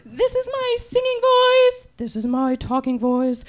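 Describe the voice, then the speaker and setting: A grand, eccentric singing teacher, acted by a woman in a comedy sketch, her voice pitched very high and swooping wildly up and down. She lectures theatrically, full of airs, and scolds her pupils with lofty, odd comparisons. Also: very animated, measured pace, exaggerated voice. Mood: haughtily scolding.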